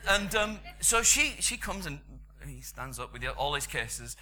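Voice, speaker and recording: A man's voice: on the high side, very animated, unhurried, pushed and bright. Middle-aged British man preaching. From Britain. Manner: conversational storytelling, chuckling asides. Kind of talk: sermon.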